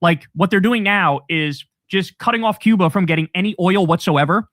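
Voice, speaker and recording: Picture a man with a high, keen voice tearing into his targets. Every phrase lands profane and scornful, driven hard for emphasis. The sound is dry and close, with no room around him. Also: moderate pace, fairly bright tone, dry recording. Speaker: political commentator. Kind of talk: heated political rant.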